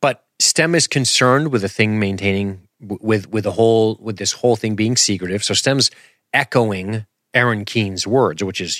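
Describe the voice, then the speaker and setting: Animated low-voiced podcast host. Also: male voice, moderate pace, no room sound, clean studio sound. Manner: animated, rambling, self-deprecating, makes sound effects. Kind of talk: casual podcast commentary.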